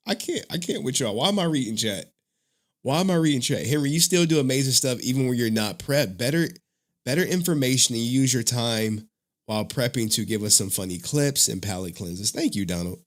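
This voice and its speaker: A man's voice: medium pitch, expressive, normal speed. A man hosting a casual live stream who talks to his chat in a loose, rambling way and laughs often. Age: adult father of a young child.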